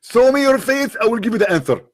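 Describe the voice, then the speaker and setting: A smug, self-satisfied male preacher, played for laughs in a high, taunting voice, as a man mimics him. The pitch sits well above an ordinary man's, and every line comes out exaggerated and mocking. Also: lively intonation, quick pace. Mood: exasperated.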